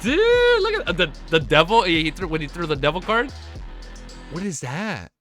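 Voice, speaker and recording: An excitable young man reads a story aloud on his reaction stream, his high voice leaping all over the place. He keeps cutting in with slangy outbursts. His tone is bright and sharp, with faint music underneath. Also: moderate pace. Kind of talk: reading a web novel aloud and reacting.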